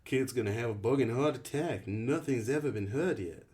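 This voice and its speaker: A man's voice: on the low side, steady tone, normal speed, natural voice. A man reading an audiobook, voicing a friendly teenage boy with an odd accent in a raised, cheery voice.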